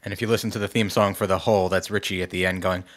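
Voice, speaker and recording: Low-voiced joking podcast co-host. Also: male voice, little pitch movement, very fast, noisy background. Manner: joking, laughs often. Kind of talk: casual podcast chat.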